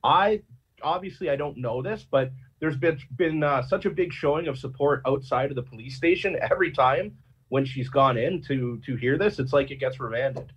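A man's voice: mid-range voice, moderate pace, breathy edge, lo-fi sound. A man talking as a panel guest in a casual political chat, rambling and piling up details with fillers.

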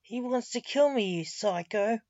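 A woman reading as a male grim reaper king who is also a doctor, in an unhurried storybook reading. The voice stays close to her own, plain and level. The sound is dry and lo-fi. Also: a little high, lively intonation, darkish tone, no echo.

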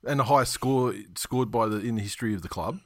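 A man's voice: mid-range voice, quick pace, no room sound. A man hosting a casual sports podcast, rambling and swearing as he chats. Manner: rambling, profane, laughing. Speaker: podcast host.

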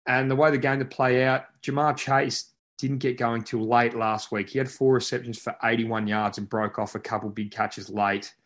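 A man's voice: medium pitch, fairly even intonation, normal speed, fairly bright tone. An Australian man co-hosting a podcast, giving sports picks in a matter-of-fact way, full of stats. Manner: matter-of-fact, stat-heavy. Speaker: podcast co-host. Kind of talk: casual sports chat.

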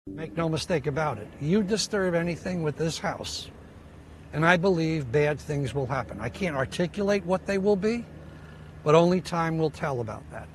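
A man's voice: fairly high pitch, lively intonation, moderate pace, slight background noise. A retired patrolman in his sixties with a thick New York accent, speaking in a grave, ominous way in an archive interview clip. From upstate New York. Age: 60s.

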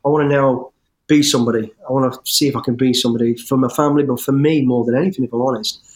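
Fast-talking man. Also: mid-range voice. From English West Midlands. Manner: animated, rambling with restarts and swearing. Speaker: interview guest, former soldier. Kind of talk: storytelling in conversation.

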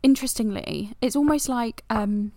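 A woman's voice: fairly high pitch, normal speed, dark tone, no room sound, studio quality. Encouraging woman podcast co-host. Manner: encouraging, reflective, casual swearing. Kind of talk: casual chat.

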